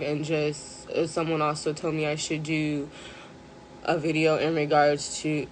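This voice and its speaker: A woman speaking on a live stream, close to tears, hesitant and full of pauses and fillers. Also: low voice, slight background noise. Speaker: mental health live streamer. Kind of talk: emotional live stream talk.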